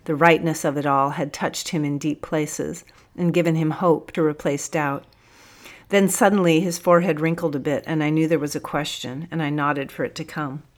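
A woman with a low voice narrates a story in the first person, in a measured and gently expressive way. Her reading is unhurried and even. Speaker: audiobook narrator.

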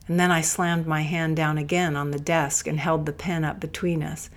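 Low-voiced woman narrating an intense story. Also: little pitch movement, normal speed, hardly any pauses. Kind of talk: first-person audiobook narration.

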